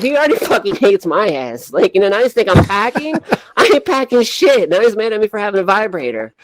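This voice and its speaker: A woman's voice: mid-range voice, sing-song, fast, no room sound, rough recording. A woman co-host telling raunchy comic stories, laughing often and talking crudely. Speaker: co-host and bartender. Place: virtual reality social app.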